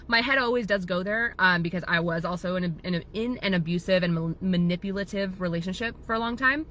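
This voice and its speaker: A woman who owns a photo studio telling a client story in a fast, rambling way, full of "like". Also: fairly low pitch, sharp tone, a little hiss or hum. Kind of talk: casual storytelling vlog.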